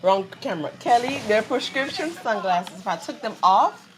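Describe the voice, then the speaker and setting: A woman in her twenties, co-hosting and telling a travel story in casual, animated talk, laughing often. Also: medium pitch, normal speed, slight background noise. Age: 20s. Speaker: co-host. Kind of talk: casual storytelling while watching clips.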